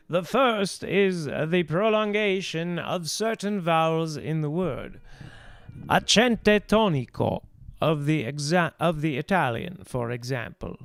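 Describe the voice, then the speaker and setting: A man hosting a singing lesson, reading a book aloud with comments, thoughtful, with a strained throat and frequent throat clearing. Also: on the high side, slow, fairly bright tone, dry recording, clean studio sound. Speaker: host, singing teacher.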